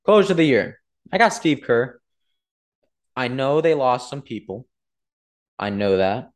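A young man chatting casually about basketball, rambling and correcting himself as he talks to his viewers. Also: medium pitch. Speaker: sports vlogger. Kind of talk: casual sports commentary.

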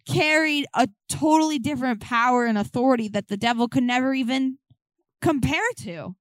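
A woman's voice: high voice, moderate pace, dry recording. A young adult woman co-hosting a casual church chat, chatty and a bit hesitant. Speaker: co-host.

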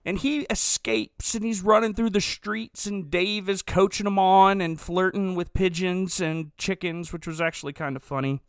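Guy with a clear, slightly high voice riffing on a movie plot, sarcastic, dry close mic. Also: steady tone, moderate pace, hardly any pauses, no echo. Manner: rambling, sarcastic, self-correcting. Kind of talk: comedic movie recap.

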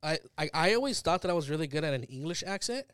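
A man in a casual chat, relaxed and hesitant, often trailing off softly. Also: on the high side, fast, clear, resonant tone, no echo, studio quality.

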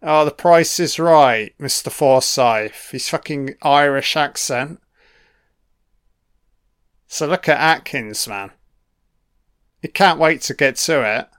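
A man's voice: on the high side, takes it slowly, long pauses, fairly bright tone, smooth. A man giving a casual, sweary and sarcastic commentary on a film.

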